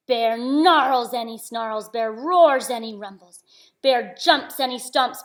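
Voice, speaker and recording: A woman reading a children's picture book aloud in a lively, unhurried way, often dropping to a hush. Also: a little high. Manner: animated, slow, dropping to whispers at refrains. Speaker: storybook reader.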